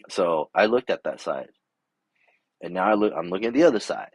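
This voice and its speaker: A man's voice: fairly low pitch, very animated, fairly quick, no echo. Exasperated rambling middle-aged man. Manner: exasperated, acts out both sides of an argument. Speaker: vlogger. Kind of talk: rambling casual storytelling. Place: home garage workshop.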